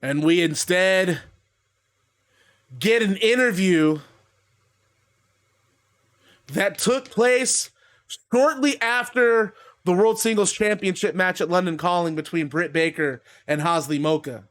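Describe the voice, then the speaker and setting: High-voiced man casually narrating a wrestling recap. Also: slow, pauses often, a bit bright. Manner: rambling, swears freely, laughs at his own stories. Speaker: narrator of a wrestling game league.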